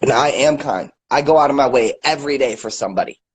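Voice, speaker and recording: A man's voice: mid-range voice, fast, a little hiss or hum, rough recording. An angry man in his thirties ranting with lots of swearing and stammered repeats. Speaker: guest. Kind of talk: angry rant.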